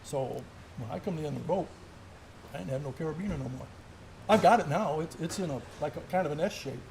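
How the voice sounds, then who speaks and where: A man's voice: on the high side, fast talker, vocal fry, darkish tone, a little hiss or hum. A middle-aged man, a former Special Forces soldier, telling a war story in casual chat and laughing through his words. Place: gun shop.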